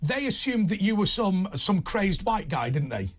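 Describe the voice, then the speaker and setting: A man's voice: high voice, very animated, normal speed. A man co-hosting a talk panel who jumps in animatedly, repeating names to get the floor. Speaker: co-host. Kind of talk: talk show panel discussion.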